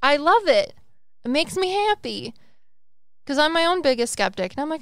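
A young woman with a high voice co-hosts a casual podcast as a psychic medium, speaking at a normal speed. She rambles animatedly, swears, and acts out quotes in different voices. The studio sound is clean, with no room sound.

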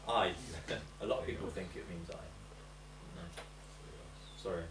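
A man's voice: deep voice, measured pace. A man in a class giving brief answers and asides, heard from a distance. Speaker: student. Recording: distant, echoey room with loud background noise.

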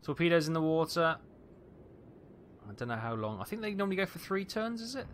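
A man giving tense, excitable live commentary on a naval battle game, calling out ranges and fire orders. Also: on the high side, fairly quick, slight background noise. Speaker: gameplay commentator.

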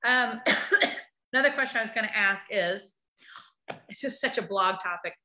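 A woman's voice: mid-range voice, moderate pace, sharp tone, reverberant. A woman co-hosting a podcast, chatting casually and telling stories with many restarts. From United States. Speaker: podcast co-host. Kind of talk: casual chat.

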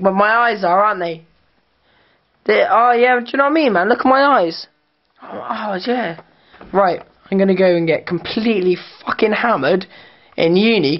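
Drunk young man, slurred and boastful, talking to his camera on muffled lo-fi audio. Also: sits high. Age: young adult. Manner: slurred boastful slang-heavy rambling. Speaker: vlogger. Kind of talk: casual drunk vlog.

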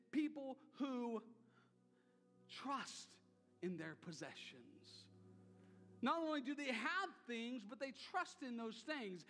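A man's voice: very high voice, a bit bright, big-room sound. A man preaching a sermon as pastor, talking in a conversational way and repeating phrases for emphasis. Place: church sanctuary.

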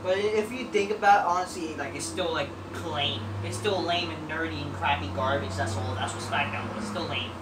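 A man's voice: fairly high pitch, fairly quick, few pauses. A man giving a casual, rambling, profane review of a wrestling show, dismissive and full of fillers. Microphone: distant mic. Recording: roomy distant mic with background noise.

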